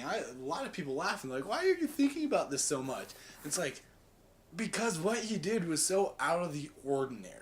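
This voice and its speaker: A young man telling a story in a casual devotional talk, rambling along with lots of "like" and "right?". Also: a little high. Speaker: student giving a devotional.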